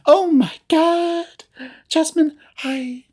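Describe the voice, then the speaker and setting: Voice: mid-range voice, sing-song, normal speed, warm tone, slightly rough, voice pushed up. A reader voicing a giddy young cat woman with a childlike, bubbly manner and squealing greetings.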